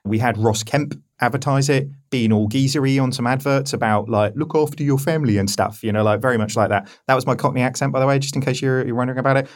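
A man hosting a casual podcast chat, chatty and quick with jokey asides as he asks his questions. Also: medium pitch, steady tone. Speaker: host, interviewer.

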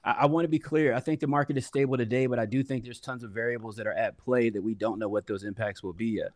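A man's voice: medium pitch, fairly even intonation, fast, a little mellow, no room sound. A man on a real estate panel who lays out his view in an earnest, explanatory way. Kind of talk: panel debate.

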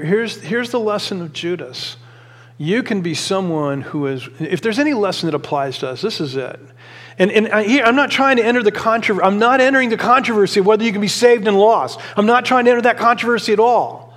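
Passionate high-voiced preacher in a reverberant hall. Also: male voice, a bit bright. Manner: passionate, rising to emphatic exhortation; conversational storytelling with many restarts. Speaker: pastor. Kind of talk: sermon.

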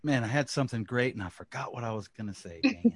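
A man with a Southern US accent who co-hosts a podcast and talks in a relaxed, talkative way, often repeating words as he starts a sentence. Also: mid-range voice, quick pace, husky, no room sound. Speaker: podcast co-host. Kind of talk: casual chat.

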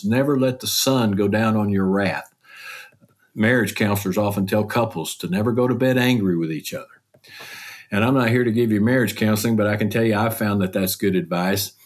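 A middle-aged man hosting a podcast, giving a folksy, animated motivational talk. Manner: folksy, animated, with mock quotes in a higher voice. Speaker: podcast host.

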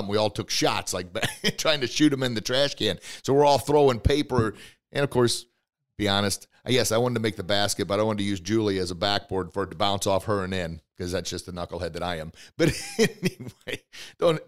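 A man hosting a motivational podcast, coaching listeners directly with excitement and bursts of emphatic shouting. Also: fairly low pitch. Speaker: podcast host.

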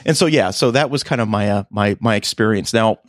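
A male podcast host in easy, casual conversation, telling stories with lots of animation. His voice sits at a middle pitch and rises sharply when he acts out other people. The recording is dry and close, with no room sound. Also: a little fast, no echo. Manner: animated storyteller, voice jumps high for quoted lines. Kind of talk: casual chat.

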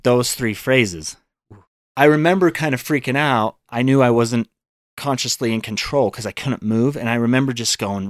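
A man's voice: mid-range voice, normal speed, dry recording, studio quality. A man telling a personal story as a podcast guest, earnest, acting out his own thoughts in quotes.

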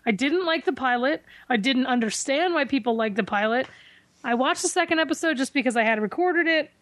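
Female podcast co-host, fairly high voice, blunt sarcastic delivery. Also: expressive, fairly quick, fairly bright tone, dry recording. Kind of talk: casual chat.

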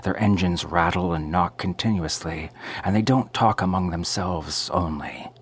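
A man narrating a first-person story in a measured, brooding way. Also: sits low, husky.

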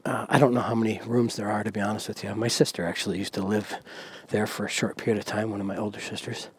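A man's voice: fairly low pitch, level tone, quick pace. A man hosting a podcast, talking casually with many fillers as he walks village streets outdoors, recorded on a handheld recorder with faint traffic and wind behind him. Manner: rambling, many fillers, soft-spoken. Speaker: podcast host. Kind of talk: casual walking monologue.

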